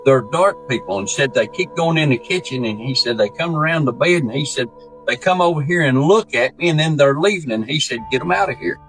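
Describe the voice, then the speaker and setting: A man telling a true story in a folksy, animated way, acting out the voices he quotes. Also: a little high, brisk, faint music behind. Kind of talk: casual spoken storytelling.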